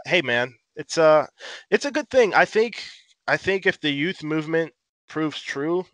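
A man's voice: on the high side, lively intonation, unhurried, a bit bright, no room sound. Ranting profane male football fan. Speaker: podcast co-host. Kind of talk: casual sports podcast chat.

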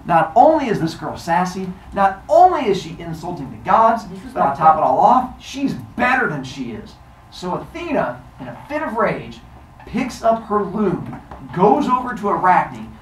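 A male teacher telling a myth to his class in an animated, theatrical way, recorded in a classroom. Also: high-pitched, roomy sound, far from the mic, slight background noise, poor audio. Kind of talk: storytelling lesson.

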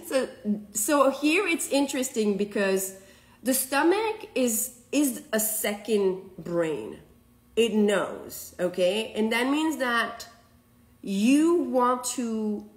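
A woman giving a live astrology and tarot reading to viewers. She laughs often, rambles loosely, and keeps checking in with "okay?". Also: mid-range voice. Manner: loose, rambling delivery with restarts.

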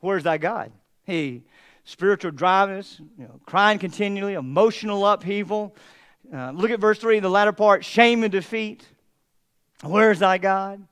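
A man pastor preaching a sermon, moving from hushed, heavy passages to emphatic, mocking asides. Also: high voice, normal speed, smooth.

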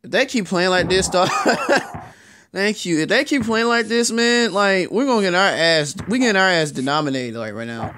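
A young man reacting out loud to a basketball video game, frustrated, swearing and yelling as he plays. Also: high voice, animated, moderate pace, a little hiss or hum. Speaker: gaming YouTuber. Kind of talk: live gameplay commentary.

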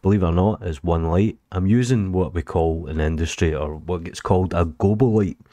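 A Scottish man casually talking through a software tutorial as host, chatty and relaxed with the odd filler. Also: low-pitched, brisk, no echo. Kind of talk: screen-recorded software tutorial.

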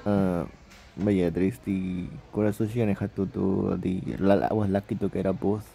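Young male vlogger, low and mellow, gravelly, sleepy rambling delivery with frequent self-corrections. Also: little pitch movement, normal speed, soft background music. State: sleepy, just woke up. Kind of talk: casual travel vlog voice-over.

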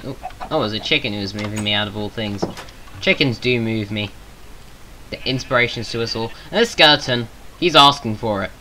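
A man's voice: medium pitch, sharp tone, a little hiss or hum, poor audio. A man with a Southern English accent, rambling through casual gameplay commentary with self-mocking jokey asides. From England. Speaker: gaming YouTuber.

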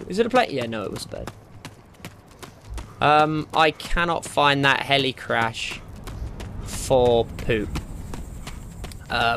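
Young guy narrating a game, jokey and rambling, mid-pitch, faint game sounds behind. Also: fairly bright tone, a little hiss or hum. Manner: rambling, jokey self-talk. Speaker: gaming channel host. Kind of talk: gameplay commentary.

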